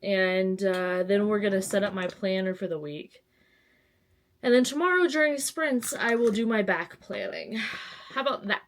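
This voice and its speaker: A woman's voice: mid-range voice, normal speed. A young woman from Texas chatting casually to camera in a home vlog, self-mocking, with sudden squeals and whispered asides. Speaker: book vlogger.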